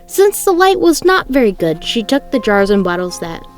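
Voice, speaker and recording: A woman's voice: on the high side, big pitch swings, moderate pace, soft background music. A woman reading a novel aloud chapter by chapter in a casual way, often correcting herself mid-sentence. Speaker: reader of a book aloud. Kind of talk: casual read-aloud narration.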